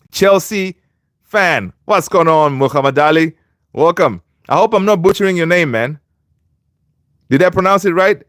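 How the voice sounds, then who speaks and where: A man's voice: a little high, unhurried, a bit bright, dry recording, studio quality. A man hosting a football fan livestream in a loose, chatty way, reading viewer comments aloud and greeting viewers by name. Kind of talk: casual livestream chat.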